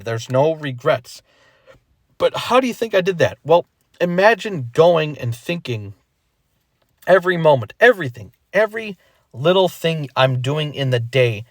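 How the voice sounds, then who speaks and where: A young man talks straight to the camera in a casual vlog, animated and emphatic, circling back to repeat his points. His voice sits in the ordinary middle range for a man. The sound is close and dry, with no room around it. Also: mid-range voice, no echo. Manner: animated, emphatic, repeats himself, acts out quick imagined thoughts. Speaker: rapper explaining his retirement.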